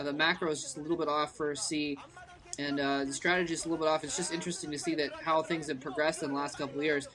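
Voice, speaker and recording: An esports commentator giving play-by-play commentary, hesitant with many ums and restarts, breaking into bursts of excitement at big plays. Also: medium pitch.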